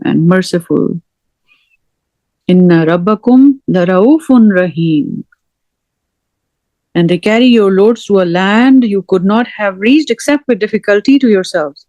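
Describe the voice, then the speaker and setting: A middle-aged woman teaches scripture word by word, at an unhurried pace and with careful repetition of each term. Her voice sits at an ordinary middle pitch. The recording is dry and close, with no room sound. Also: warm tone, no echo, dull audio. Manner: slow, deliberate, repeating each word. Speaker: Quran teacher.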